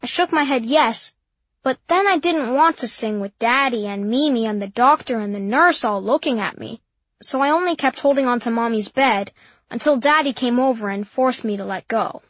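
A woman with a fairly high voice narrates a children's story in a boy's first-person voice. Her telling is simple and earnest, on a dull, dry, lo-fi recording. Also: lively intonation, moderate pace, no room sound. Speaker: audiobook narrator.

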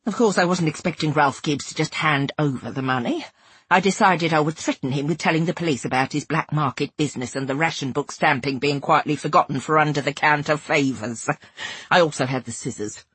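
Husky woman narrating a novel. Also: sits low, brisk, no echo. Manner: expressive, dramatic. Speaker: audiobook narrator. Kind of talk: first-person novel narration.

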